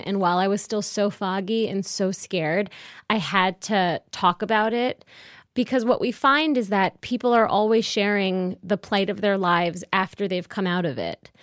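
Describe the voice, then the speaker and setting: A woman's voice: medium pitch, no echo, studio quality. Candid, chatty woman in her twenties. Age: 20s. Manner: open, chatty, uses filler "like". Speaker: podcast host as guest. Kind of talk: candid personal storytelling.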